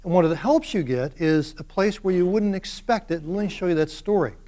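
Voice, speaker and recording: High-voiced animated male lecturer. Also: a little fast. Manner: animated, engages students with questions. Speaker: university lecturer. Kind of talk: classroom lecture. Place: lecture classroom.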